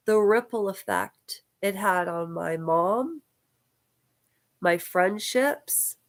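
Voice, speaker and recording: A Ukrainian vlogger in her fifties speaks straight to camera from her houseboat home in a personal vlog. Her medium-pitched voice is slow and emotional, drifting from one thought to another.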